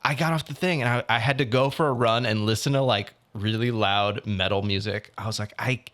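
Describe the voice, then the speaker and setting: A young man co-hosting a podcast, telling a story in a casual, animated way and acting out what other people said. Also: lowish voice, a little fast. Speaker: podcast co-host. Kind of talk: casual chat.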